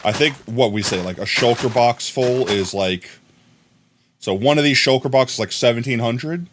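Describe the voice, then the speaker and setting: A man livestreaming a game, chatting casually with his viewers in a rambling, jokey way that often trails off into a low mumble. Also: moderate pace, noisy background. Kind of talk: casual live-stream chat with viewers.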